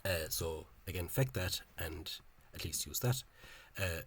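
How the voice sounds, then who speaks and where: A man explaining spelling in a casual, halting monologue. He is opinionated and often repeats words and fills gaps with hesitations. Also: sits low, a little hiss or hum. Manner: opinionated, dismissive of official spelling. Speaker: language enthusiast explaining spelling.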